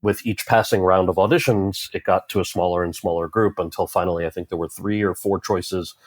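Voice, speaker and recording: A man in his forties, an actor guest in an interview, telling stories in a conversational way and acting out quoted lines with animated jumps in pitch. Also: brisk, dry recording. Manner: animated, acts out quoted voices with rising pitch.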